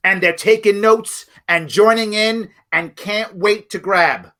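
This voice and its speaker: Blunt, emphatic middle-aged man, bright voice. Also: sits high, normal speed. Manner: blunt, emphatic, speaks straight to viewers. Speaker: political show host. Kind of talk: livestream political commentary.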